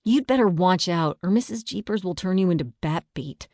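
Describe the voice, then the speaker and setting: A woman's voice: lowish voice, expressive, moderate pace, darkish tone, no room sound, clean studio sound. A woman reading a children's audiobook, voicing an anxious third-grade boy who talks in an urgent, warning way. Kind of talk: audiobook character voice.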